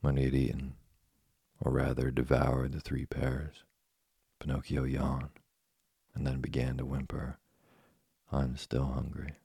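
A man reading a children's book aloud in a steady, plain way. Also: a bass voice, a little slow, gravelly, slightly rough, dry recording, clean studio sound. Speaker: storyteller.

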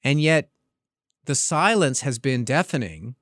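A man hosting a political podcast, speaking in an emphatic commentary style full of rhetorical questions. His voice sits at a middle pitch. The recording is dry and close, with no room sound. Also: expressive, a little slow, fairly bright tone, no room sound. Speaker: podcast host, former congressman. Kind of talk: opinion commentary.

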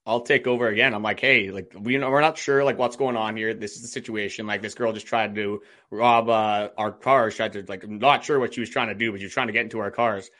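Bright-voiced man telling a story. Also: fairly low pitch, fairly even intonation, fairly quick, few pauses. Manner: chatty, many "like" fillers, quotes himself. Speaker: podcast co-host. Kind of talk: casual storytelling chat.

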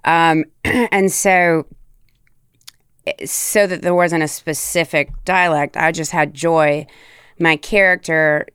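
Smooth-voiced chatty actress, woman. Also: deep voice, fairly even intonation, slow, a bit bright, no room sound, clean studio sound. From Tennessee, US South. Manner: chatty and candid, swears freely, demonstrates accents. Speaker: actress guest. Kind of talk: casual podcast chat.

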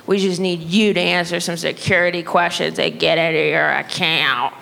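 A woman voicing a bored, deadpan phone-company customer service rep in a slow, low voice. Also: gravelly. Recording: live club crowd and noise. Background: audience laughter.

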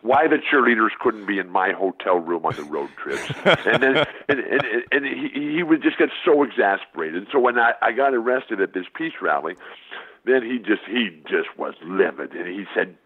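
Older male interview guest, low husky voice, emphatic storyteller, narrow telephone audio. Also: lively intonation, normal speed. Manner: exuberant, emphatic, repetitive restarts. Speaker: guest, former basketball player. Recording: phone-like narrow band.

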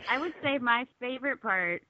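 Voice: medium pitch, expressive, normal speed, sharp tone, no echo. A co-host chiming in with brief, friendly replies. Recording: tinny phone-like line, dry.

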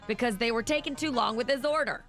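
Woman, radio co-host, gravelly, slightly high voice, dry exasperated delivery, faint music bed. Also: quick pace, fairly bright tone. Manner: exasperated, dry, eye-rolling. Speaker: radio morning show co-host. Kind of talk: radio banter and news reading. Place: radio studio.

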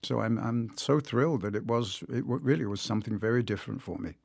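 Gravelly, enthusiastic male narrator. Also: medium pitch, quick pace, no room sound. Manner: enthusiastic, animated storyteller. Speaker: audiobook narrator, guest. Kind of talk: interview conversation.

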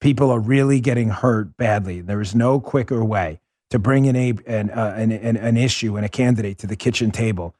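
A man hosting a political commentary show, talking fast and fired-up with sarcastic asides and frequent laughs. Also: fairly low pitch, a little mellow, no echo, clean studio sound. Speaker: podcast host.

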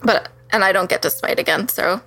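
A woman playing a tabletop role-playing game, excitable and giggly, swearing as she describes her attacks. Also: medium pitch, a little fast, soft background music. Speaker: player. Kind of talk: casual tabletop play.

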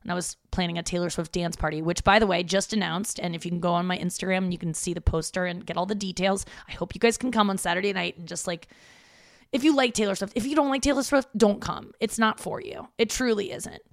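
A woman with a fairly low voice talks fast in a casual solo podcast monologue, recorded dry and clean at her parents' home. She's a St. Louis, United States comic in her thirties, loose and self-deprecating, with plenty of swearing.

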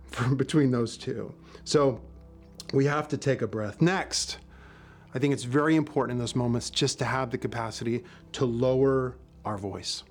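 A man preaching in a middle-range voice, talking through his sermon as an easygoing story. He often stops and restarts mid-phrase. The delivery is plain and unhurried. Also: medium pitch. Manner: conversational storytelling with frequent restarts. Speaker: pastor and former police officer.

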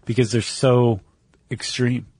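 A man co-hosting a podcast in casual chat, relaxed with many filler words. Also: medium pitch, slow, dry recording. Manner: relaxed, lots of filler words, acts out quotes. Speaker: podcast co-host.

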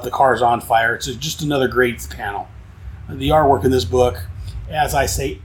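A man casually reviewing a comic book, rambling and enthusiastic, with frequent restarts and fillers. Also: mid-range voice.

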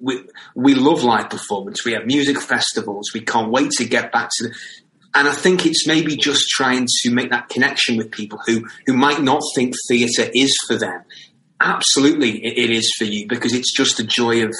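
A man's voice: mid-range voice, moderate pace, pushed and bright, roomy sound, rough recording. A man with a Scouse accent, a theatre company guest talking casually in an interview and often restarting and repeating words as he thinks. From England.

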